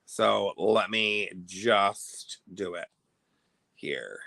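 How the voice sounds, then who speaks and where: A man chats casually to his audience, drifting through a long anecdote and often losing his thread. His voice is bright and a little low, and he takes his time. It sounds dry and close, with no room echo. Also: lively intonation, extremely slow, creaky. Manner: rambling, chatty, self-interrupting. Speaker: host. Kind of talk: casual storytelling to viewers.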